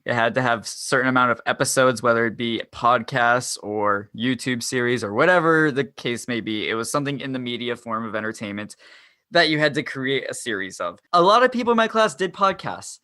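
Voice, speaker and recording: Young guy hosting a podcast, bright punchy voice, jokey and rambly, dry close mic. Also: mid-range voice, moderate pace, smooth, dry recording. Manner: jokey, self-deprecating, rambling. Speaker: podcast host. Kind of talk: casual podcast chat.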